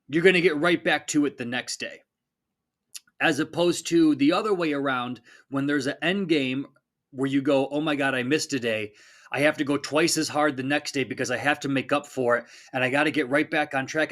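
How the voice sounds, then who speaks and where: A man's voice: on the high side, a bit bright. A man in his thirties hosting a fitness podcast, talking casually and with energy, and repeating phrases for emphasis. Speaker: podcast host, fitness coach. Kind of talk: casual motivational talk.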